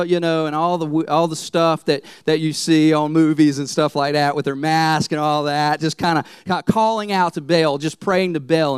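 A male pastor preaching a sermon in church, telling the story in an animated way and laughing often. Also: on the high side, normal speed, smooth, no echo, clean studio sound.

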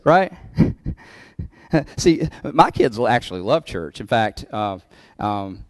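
A man with a lowish voice preaches a sermon as his church's pastor. He speaks conversationally, laughing between points and building to emphatic peaks, and the recording has no room sound.

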